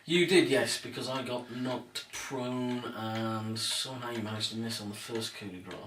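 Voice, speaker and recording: A man's voice: medium pitch, normal speed, a bit bright, distant mic. A man co-hosting a casual chat, giving short agreeing replies with dry humor. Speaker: podcast co-host. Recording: roomy echo, off-mic, faint noise.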